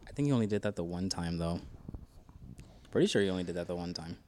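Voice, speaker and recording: A man's voice: low voice, quick pace, darkish tone, slight background noise. A young man co-hosting a casual podcast chat, laid-back and matter-of-fact. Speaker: podcast co-host.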